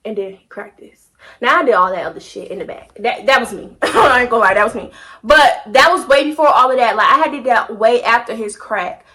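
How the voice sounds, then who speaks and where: A young woman telling a casual storytime, animated and slangy, repeating phrases for comic effect. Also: a little high, a little fast.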